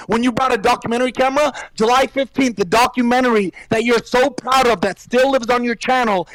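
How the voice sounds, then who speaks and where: A high-voiced man on a recorded call, pressing hard with accusations and curses. His voice sits dry and close, with no room around it. He keeps demanding answers and will not let the other side off. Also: a bit bright, no room sound, low-quality recording. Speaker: caller in a recorded confrontation. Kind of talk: heated phone argument.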